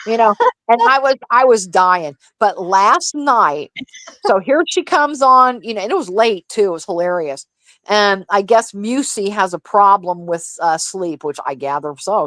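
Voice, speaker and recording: A woman co-hosting a casual livestream chat, telling gossip in an animated, profane, laughing way. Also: mid-range voice, dry recording. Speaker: livestream co-host.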